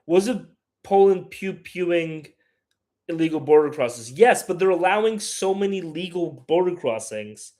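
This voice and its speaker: A man's voice: fairly high pitch, lively intonation, unhurried, darkish tone. A man hosting a casual live stream, rambling and opinionated as he reads chat aloud and answers it. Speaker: livestream host.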